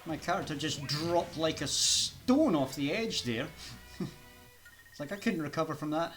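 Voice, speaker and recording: A man's voice: on the high side, lively intonation, unhurried, a bit bright, soft background music. A man streaming a video game live, chatting casually with viewers and laughing often.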